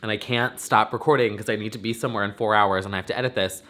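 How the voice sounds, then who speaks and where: A man's voice: fairly low pitch, fairly even intonation, very fast, bright, forceful tone. A man hosting his own vlog, talking in a rambling, effusive and emotional way, teary and close to crying. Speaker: vlogger and podcast host. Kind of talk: casual emotional vlog monologue.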